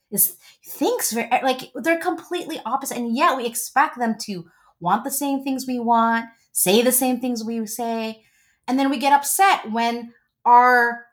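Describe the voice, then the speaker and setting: A woman in her forties, a relationship coach, talking as a guest in a casual interview and telling stories with gushing, animated energy. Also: on the high side.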